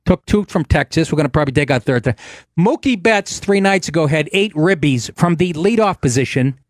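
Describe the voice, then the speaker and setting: A man hosting a talk show with a voice that sits a bit high for a man. He tells casual, profane stories in a sarcastic tone. The sound is dry and close, with no room in it. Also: expressive, fairly quick, no echo. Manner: takes on voices for quotes. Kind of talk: casual comedic monologue.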